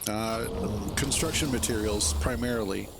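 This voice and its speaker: A man streaming a game, chatting in a relaxed, rambling way and chuckling to himself as he plays. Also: medium pitch, moderate pace, gravelly, background noise. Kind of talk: casual gameplay commentary.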